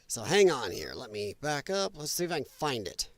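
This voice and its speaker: A man's voice: medium pitch, very animated, brisk, a little hiss or hum. A man hosting a casual political commentary livestream, talking to his chat, laughing a lot and fumbling while he looks for clips. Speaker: livestream host.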